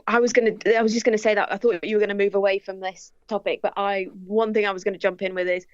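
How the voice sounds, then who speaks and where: A woman's voice: mid-range voice, flat delivery, quick pace, clear, resonant tone, no echo. Frank woman on a dull call line. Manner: frank, opinionated. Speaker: podcast guest. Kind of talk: casual film chat. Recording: dull, dry remote call audio.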